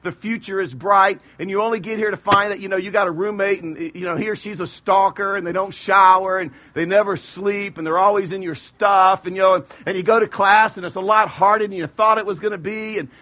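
A middle-aged man preaching a sermon, retelling a Bible story in lively modern slang and acting out the characters. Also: sits high, a little fast, few pauses. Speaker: pastor.

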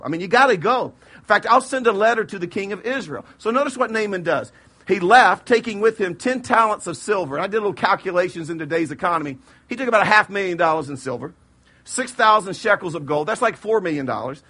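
A middle-aged man preaching a sermon, retelling a Bible story in lively modern slang and acting out the characters. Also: sits high, quick pace. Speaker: pastor.

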